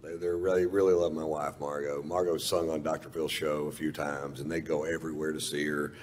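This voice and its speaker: A man's voice: extremely low pitch, little pitch movement, a little fast. A man doing stand-up storytelling on stage, laid-back and profane. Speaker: stand-up comedian. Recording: reverberant live hall, faint hiss.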